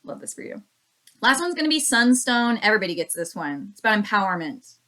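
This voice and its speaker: A woman doing a casual oracle card reading for her viewers, chatty and repeating each affirmation slowly. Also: mid-range voice, very animated, bright, forceful tone. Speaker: card reader.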